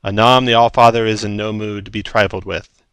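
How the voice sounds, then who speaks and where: A man voicing an enormous male storm giant, contemplative and commanding, with a booming voice and a grave, solemn way of speaking. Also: little pitch movement, brisk, fairly bright tone, clean tone, no room sound, natural voice.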